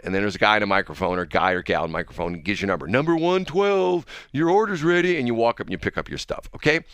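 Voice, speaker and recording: A man's voice: sits low, sharp tone, dry recording, studio quality. A man hosting a radio talk show, telling a rambling story with chuckles and self-deprecating asides. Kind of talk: casual storytelling chat.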